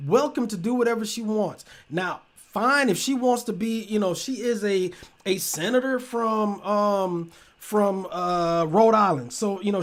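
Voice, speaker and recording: A man hosting a show, ranting heatedly and with heavy profanity in casual commentary. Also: high voice. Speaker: show host.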